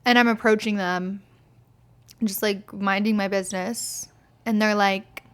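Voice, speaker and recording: A woman's voice: mid-range voice, fairly even intonation, a little slow, clean tone. A young woman hosting a podcast, telling stories in a blunt, exasperated way, swearing freely and saying "like" often. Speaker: podcast host. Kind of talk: casual storytelling monologue.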